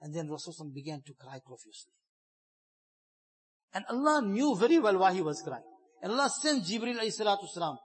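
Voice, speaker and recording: A man preaching a sermon on scripture, building to emphatic stress and then falling soft and low. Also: very animated, fast, long pauses, husky.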